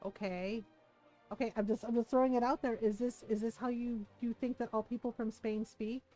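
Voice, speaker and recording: A woman's voice: fairly high pitch, fairly quick, soft background music. A woman streaming a game, chatting casually and laughing as she plays. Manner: chatty, laughing, animated impressions. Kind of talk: casual live-stream commentary.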